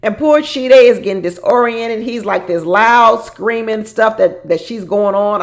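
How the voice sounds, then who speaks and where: A woman giving casual, animated recap commentary on a reality show, dramatic and laughing as she talks. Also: a little high, a little slow, hardly any pauses.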